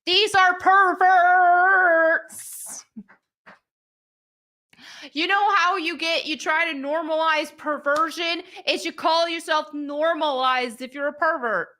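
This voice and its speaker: A woman's voice: sits high, normal speed, few pauses, sharp tone. A woman hosting a live show, giving blunt, sarcastic commentary while reading from articles. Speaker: livestream show host.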